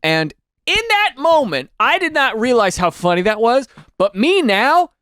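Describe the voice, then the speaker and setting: A man hosts a casual comedic chat, reacting to stories and slipping into exaggerated voices for quotes. His voice sits high and swings widely in pitch. The tone is smooth and clear, and the sound is dry and close. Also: big pitch swings, measured pace, a bit bright, dry recording. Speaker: host.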